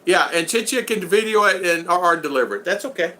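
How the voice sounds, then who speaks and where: A man's voice: sits high, lively intonation, brisk, sharp tone. A man hosting a casual livestream, reading out viewer comments and rambling through jokey stories with frequent laughter. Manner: rambling, jokey, laughs often, retells stories with quoted voices. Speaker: live stream host.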